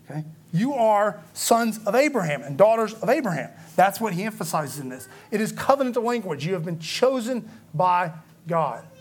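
A man teaches through a Bible passage in a relaxed, explanatory way. His voice sits fairly high, and he keeps stopping to check that his listeners are following. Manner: conversational, explanatory, frequent "okay?" check-ins.

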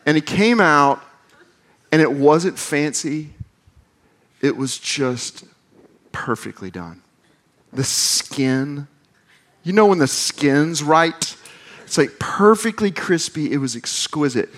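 A man's voice: on the high side, lively intonation, slow pace, pauses often, fairly bright tone. A man in his forties from the American South, a campus minister preaching a conversational sermon with self-deprecating humor. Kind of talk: sermon with storytelling.

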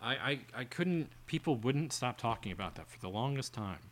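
A man's voice: mid-range voice, lively intonation, moderate pace, slight background noise. A man co-hosting a podcast, reading an article aloud and breaking off into sarcastic, exasperated asides. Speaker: podcast co-host.

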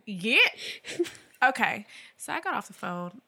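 Bright, dry-sounding young woman chatting. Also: mid-range voice, normal speed, dry recording. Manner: animated, playful, laughs often. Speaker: podcast co-host. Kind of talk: casual chat. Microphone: close podcast mic.

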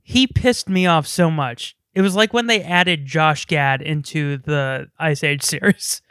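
A man's voice: on the high side, a little slow, pushed and bright, clean tone, no echo, studio quality. A man co-hosting a podcast in casual chat, joking and rambling, often laughing and slipping into silly voices. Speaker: podcast co-host.

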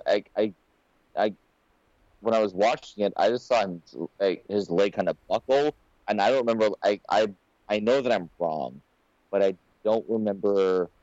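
A man's voice: fairly low pitch, dry recording. A man co-hosting a late-night fight podcast from home, talking casually and restarting his sentences often. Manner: rambling, restarts often, animated storytelling. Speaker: podcast co-host. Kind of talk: casual chat. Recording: dull lo-fi sound, dry.

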